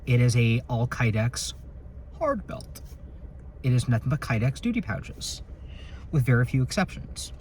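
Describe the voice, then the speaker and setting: A man's voice: mid-range voice, slight background noise. A man working as a security officer, vlogging casually into his phone from inside his patrol car at night, rambling and joking with some swearing. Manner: rambling, joking, slightly profane. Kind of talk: casual vlog while on patrol. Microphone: phone camera in a car.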